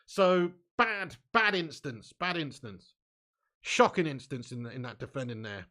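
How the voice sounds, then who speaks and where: A man's voice: on the high side, big pitch swings, measured pace, pushed and bright. A man hosting a live match watch-along, reading out viewer chat with blunt, sweary football banter and lots of "mate" and "bud". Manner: chatty, often adds "mate" and "bud". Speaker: fan channel host reading live chat.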